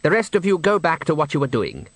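A man voicing a weary male music director who speaks crisply and sardonically. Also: fairly high pitch, very animated, fast, dry recording, voice pushed up. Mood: sardonic.

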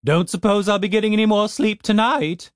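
A man's voice: high voice, fairly quick, no room sound, studio quality, pitched above the performer's own voice, lightly acted. A man voicing a small, grumpy old male gnome shopkeeper who grumbles and fusses. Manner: sleepy, grumbling, fussy.

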